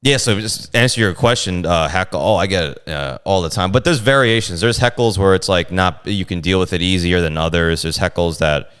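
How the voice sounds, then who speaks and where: A man's voice: low voice, a little fast, few pauses, smooth. A man, a comedian, telling stories about heckled shows in casual chat, acting out the other voices as he goes. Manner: animated, acts out voices in his stories, profane. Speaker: comedian guest.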